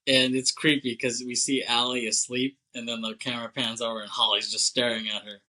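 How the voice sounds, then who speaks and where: A man co-hosting a podcast, recapping a film plot in a loose, chatty way, full of "like", quick laughs and casual swearing. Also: mid-range voice, little pitch movement, bright, forceful tone, poor audio. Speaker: podcast co-host.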